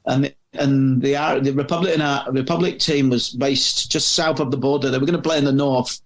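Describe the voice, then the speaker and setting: A man's voice: medium pitch, steady tone, normal speed. A middle-aged man telling long, rambling anecdotes as a podcast guest, often restarting his sentences. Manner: rambling storyteller with frequent restarts. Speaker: podcast guest, former magazine editor. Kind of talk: casual anecdotal chat.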